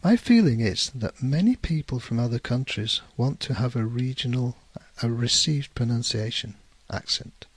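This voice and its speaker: A man with a Northern English accent giving a measured lesson, careful and correcting himself now and then. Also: mid-range voice, slightly rough, no room sound. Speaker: English teacher. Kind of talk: scripted explanatory lecture.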